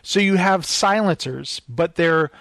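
High-voiced guy retelling a game story, lots of laughing and acting out lines, dry close sound. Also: unhurried, no room sound. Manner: animated storyteller, acts out quotes in raised voices, laughs often. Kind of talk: casual chat.

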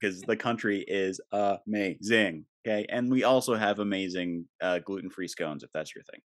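A man hosting a podcast, lively and encouraging toward his guest. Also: sits low, moderate pace, no echo, clean studio sound. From Colorado. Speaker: podcast host. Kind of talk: casual interview chat.

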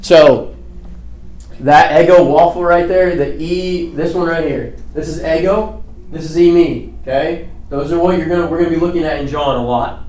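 A man leading a Bible study class in a relaxed way, often checking in with "okay" and asking his listeners questions. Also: fairly high pitch, moderate pace. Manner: conversational, asks questions, often says "okay". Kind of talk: casual classroom teaching. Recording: echoey room.

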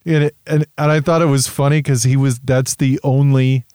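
A man's voice: mid-range voice, little pitch movement, normal speed, mellow, clean tone, no echo. Male podcast co-host, meandering storyteller with plenty of fillers, clean voice, dry close mic. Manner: rambling storyteller, lots of fillers and restarts, swears. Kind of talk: casual podcast chat.

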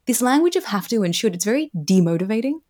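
A woman's voice: a little high, big pitch swings, quick pace, a little mellow. A woman who is a podcast guest and a researcher, explaining ideas earnestly with frequent "you know"s. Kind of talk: casual conversational interview.

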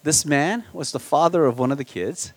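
A man preaching as a guest pastor at a church retreat, animated, swinging between loud emphasis and quiet asides. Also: a little high, normal speed, no echo. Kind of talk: sermon.

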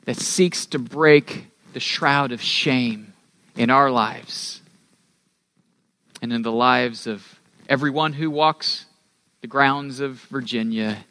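A middle-aged pastor preaches an earnest sermon, rising in pitch and force on key phrases, then dropping to a soft near-whisper. There is no echo.

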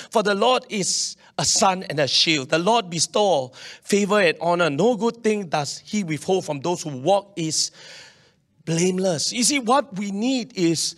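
Animated high-voiced preaching man. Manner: animated preaching with Singlish particles and restarts. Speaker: pastor. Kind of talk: sermon.

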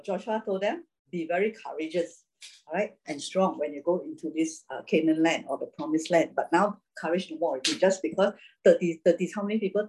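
A woman preaching a sermon, reading scripture and then talking about it in an animated way, laughing often. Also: fairly low pitch, breathy edge, rough recording.

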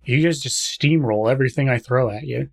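Casual male game master, joking and easygoing, mid pitch. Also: fairly quick, vocal fry. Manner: laid-back, joking, swears casually. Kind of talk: casual chat about a tabletop game.

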